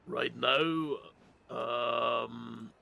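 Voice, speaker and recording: A man roleplaying a gruff outlaw in a game, talking crudely with dry humor. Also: medium pitch, steady tone, drawn-out words, bright, forceful tone. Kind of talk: in-character roleplay chat.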